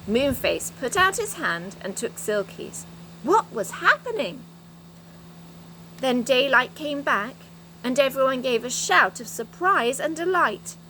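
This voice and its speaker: A woman reading a children's storybook aloud with an expressive delivery. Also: fairly high pitch, a little hiss or hum, rough recording. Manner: expressive, animated. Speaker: reader.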